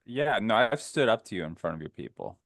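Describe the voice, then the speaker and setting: A man from the northern US talking as a player in a tabletop game. His pitch swings lively up and down as he chats, and he laughs easily. The sound is dry and close. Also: fairly quick, creaky, dry recording. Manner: chatty, laughs often.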